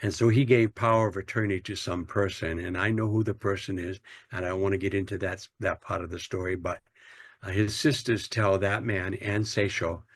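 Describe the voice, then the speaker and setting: Low-voiced earnest man telling a story. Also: steady tone, moderate pace. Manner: earnest, plain-spoken, frequent restarts and fillers. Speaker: guest, church planter. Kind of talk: personal storytelling in an interview.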